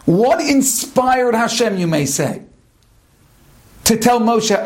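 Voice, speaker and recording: A man giving a Torah lesson in a sermon style, asking rhetorical questions and mixing Hebrew terms into his English. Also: extremely high pitch. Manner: rhetorical questions, drawn-out emphatic pauses. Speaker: rabbi giving a Torah talk.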